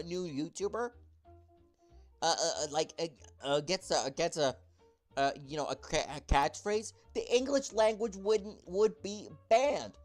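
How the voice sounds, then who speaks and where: A man ranting into a camera at home, rambling with lots of fillers and swearing. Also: a little high. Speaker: YouTuber in a clip. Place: indoors at home, talking to a camera.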